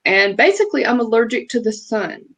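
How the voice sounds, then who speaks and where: A woman's voice: fairly high pitch, lively intonation, fairly quick, fairly bright tone, poor audio. Southern woman chatting on a video call. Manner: chatty, talks at length with small restarts. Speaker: guest, feng shui practitioner. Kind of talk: casual interview chat.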